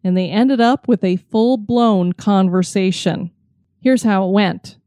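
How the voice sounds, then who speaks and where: A woman co-hosting a podcast, telling a story in a lively way into a close mic. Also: mid-range voice, unhurried, clean tone, no echo. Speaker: podcast co-host.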